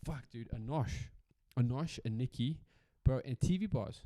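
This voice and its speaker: A man's voice: mid-range voice, moderate pace, hardly any pauses, mellow, dry recording. A South African man hosting a solo podcast in a casual, rambling rant, swearing freely and repeating himself for emphasis. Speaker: podcast host.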